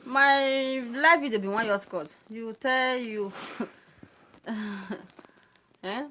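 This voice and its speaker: A woman's voice: on the high side, very slow, bright, forceful tone, a little hiss or hum. A woman with a Nigerian accent, a social media presenter ranting on a live video, mocking and scolding her callers and laughing often between lines.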